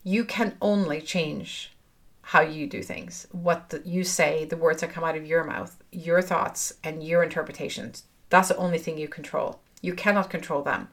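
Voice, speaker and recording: A middle-aged woman coaching on relationships, giving gentle reflective advice with pauses and self-corrections. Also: sits low, fairly even intonation. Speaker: divorce coach. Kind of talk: podcast monologue.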